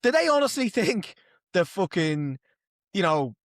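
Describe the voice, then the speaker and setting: Scouse male co-host, heated profane rant, animated voice, dry sound. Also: sits high, a little slow, no room sound. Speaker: podcast co-host. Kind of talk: casual chat.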